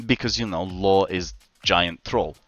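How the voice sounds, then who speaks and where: A deep, fairly bright voice comes through a muffled recording, a little slow, as the Australian man jokes with his stream audience mid-game. There's faint music in the background of this casual chat.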